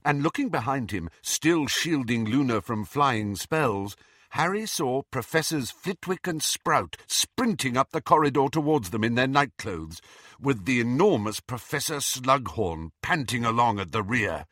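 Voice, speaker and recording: A man narrating an audiobook in an expressive, dramatic reading. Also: mid-range voice, measured pace, no echo, clean studio sound. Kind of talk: scripted narration.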